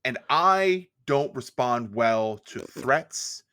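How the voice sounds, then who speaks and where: A man co-hosting a podcast in casual chat, riffing jokes and dropping deadpan asides. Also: mid-range voice, drawn-out words, no echo, clean studio sound. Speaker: podcast co-host.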